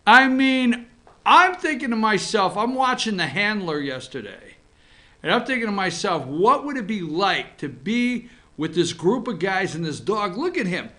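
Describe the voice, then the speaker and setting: Animated joking male talk-show host. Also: high voice, unhurried. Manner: joking, animated, talks to his crew. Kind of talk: casual talk-show commentary. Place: office.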